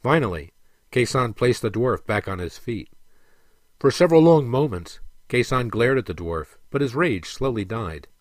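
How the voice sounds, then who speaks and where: A man's voice: mid-range voice, expressive, normal speed, no room sound. Man reading a storybook expressively. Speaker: narrator. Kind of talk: storybook narration.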